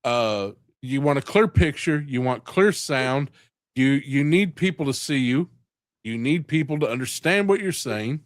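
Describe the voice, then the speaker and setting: A man's voice: medium pitch, lively intonation, measured pace, no echo, clean studio sound. A man hosting a casual live-stream chat, rambling and profane and laughing often. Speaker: host.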